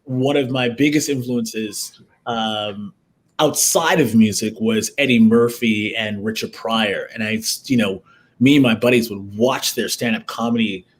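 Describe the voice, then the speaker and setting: A man talking as an actor guest in a casual interview, telling rambling stories and laughing often, over a video call. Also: medium pitch. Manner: rambling, chatty storytelling with frequent laughs.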